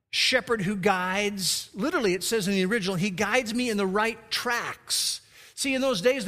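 A high-voiced man preaches from the pulpit, moving from a gentle story into emphatic reading of scripture. His voice rings out with a long reverb in a large church hall. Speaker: pastor. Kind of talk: sermon.

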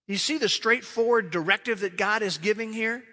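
A man preaching a sermon as pastor, emphatic, swelling loud and then dropping to a quiet hush. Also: sits high, normal speed, long reverb tail.

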